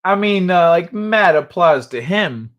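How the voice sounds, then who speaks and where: A man's voice: high-pitched, animated, measured pace, dull audio. A man hosting a casual late-night livestream, reading headlines aloud, swearing freely and laughing often. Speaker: livestream host.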